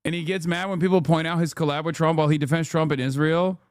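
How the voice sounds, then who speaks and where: A man's voice: fairly high pitch, steady tone, quick pace, no echo, studio quality. Fired-up man ranting on stream. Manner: heated, mocking rant with frequent fillers and cursing. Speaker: streamer host reacting to clips. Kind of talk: profane political reaction commentary.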